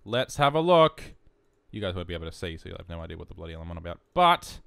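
Australian guy, gaming voice-over, rambling and self-mocking, very animated, dry close mic. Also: low voice, quick pace, gravelly, smooth, no room sound. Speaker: gaming YouTuber. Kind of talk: casual commentary over gameplay. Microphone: headphones and desk mic.

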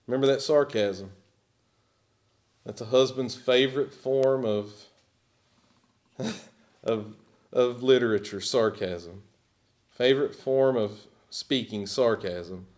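A man's voice: mid-range voice, slow pace, long pauses, darkish tone. A man preaching a sermon as pastor, emphatic and at times sarcastic.

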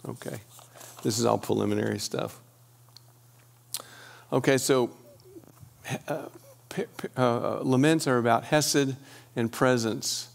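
Middle-aged male church teacher; gravelly, conversational delivery with frequent pauses. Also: medium pitch. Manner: conversational, pauses with fillers and restarts.

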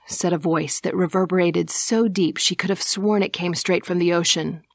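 A woman narrating an audiobook in a measured, even reading, dropping to a hush at times. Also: on the low side, gravelly, no echo, studio quality.

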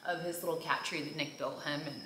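A woman's voice: low-pitched, steady tone, fast talker, a bit bright, slight background noise. A young woman vlogger chatting casually while folding laundry at home, rambling with lots of fillers and sounding tired. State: tired and subdued. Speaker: mom vlogger. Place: home room. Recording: echoey room.

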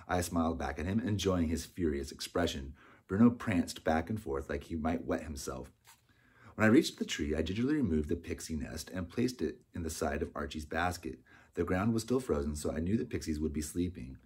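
A man narrating an audiobook in a steady storytelling manner. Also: rumbling low, a little fast, husky. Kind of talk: scripted narration.

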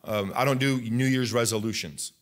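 A man's voice: medium pitch, steady tone, moderate pace. A young adult male pastor preaching a sermon, pushing up into emphatic bursts and often restarting his sentences. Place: church sanctuary.

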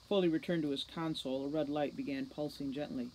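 A woman reading a novel aloud with steady, measured narration. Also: deep voice, slight background noise, rough recording. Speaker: audiobook reader.

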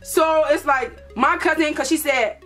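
A young woman from Liberia telling a lively storytime vlog, acting out her relatives' voices. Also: sits high, measured pace, soft background music. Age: young adult. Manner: animated, playful storytelling with put-on voices for relatives. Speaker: vlogger.

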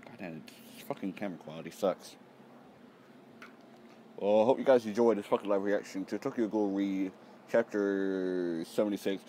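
A young man hosting a casual live manga reaction, reading panels aloud and swearing excitedly, sounding tired. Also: on the low side, normal speed, a little hiss or hum. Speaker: manga reaction channel host.

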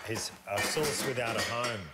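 A man's voice: mid-range voice, normal speed. A man with an Australian accent, a celebrity guest bantering at a dinner, laid-back and joking, calling people mate. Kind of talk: casual banter. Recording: live stream with clear background noise.

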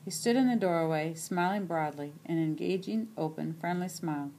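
A woman reading a short story aloud in a steady, quiet narrating voice. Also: fairly low pitch, normal speed, a little hiss or hum.

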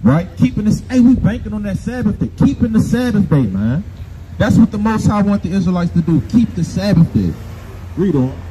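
A man's voice: high-pitched, sing-song, brisk. Guy preaching outside a gas station, confrontational, calls for verses, lots of street noise. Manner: confrontational, scolding, repetitive call-and-response. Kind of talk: street preaching with scripture reading. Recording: noisy outdoor street recording.

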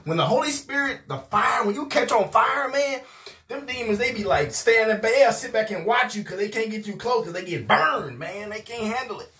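A man's voice: high-pitched, expressive, moderate pace, bright, forceful tone. A man preaching an informal video sermon. He talks in a rowdy, emphatic way, often repeating "man" and "I promise you".

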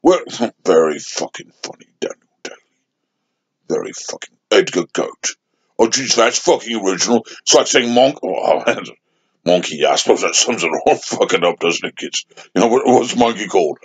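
A man's voice: fairly low pitch, lively intonation, normal speed, breathy edge, pitched below the performer's own voice. A man voicing a crude, swearing male goat puppet in a comedy skit, boastful and sing-song. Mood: mocking. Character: foul-mouthed cheeky male goat puppet.

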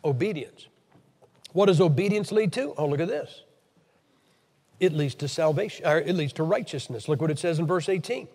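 A man's voice: on the high side, expressive, normal speed, pauses often, a little mellow, in a large hall. An American man from Ohio preaching a blunt, emphatic, scolding sermon to a church meeting. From Ohio, USA.

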